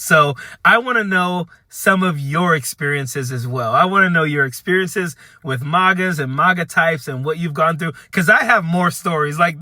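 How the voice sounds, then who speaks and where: Middle-aged guy ranting to camera, bright punchy voice, dry close sound, talks right to viewers. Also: fairly high pitch, no echo. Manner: animated, wry, addresses viewers directly. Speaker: political commentator. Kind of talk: casual storytelling to camera.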